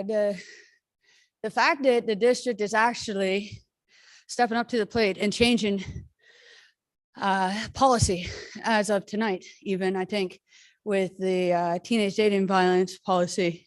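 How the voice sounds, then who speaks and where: A woman speaking as a parent at a school board meeting's public comment, halting with many fillers and restarts and sounding frustrated. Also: medium pitch, dry recording.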